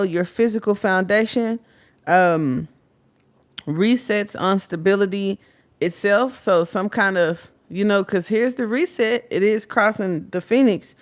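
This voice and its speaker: Texan woman, tarot reader, casual and rambling, salty language, middle-pitched voice. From Texas. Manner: rambling, blunt and profane, with many asides.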